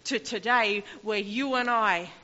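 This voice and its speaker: A woman's voice: mid-range voice, unhurried, bright, forceful tone. Woman preaching in an echoing hall. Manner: impassioned, rising and falling emphasis. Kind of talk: sermon. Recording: long hall reverb, dull lo-fi sound.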